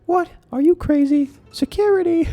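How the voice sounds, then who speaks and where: Man putting on a snippy tour guide, loud and pitched way up. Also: steady tone, fast, gravelly, breathy edge. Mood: indignant. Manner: indignant shouting. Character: rude dismissive male tour guide.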